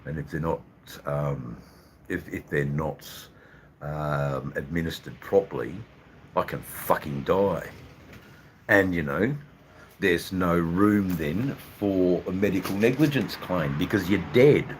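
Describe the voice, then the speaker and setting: An Australian man with an extremely deep, low voice chats casually on his live stream. He rambles and hesitates, with a steady trickle of ums and uhs, over a faint hiss in the background. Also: slow. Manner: rambling, hesitant, full of fillers. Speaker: livestream host.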